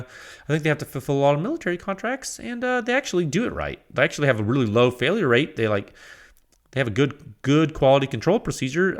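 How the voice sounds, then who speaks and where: Animated, laughing male podcast host. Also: mid-range voice. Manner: animated, laughing often, exasperated rants; rambling with frequent restarts and quoted asides. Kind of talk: casual podcast monologue.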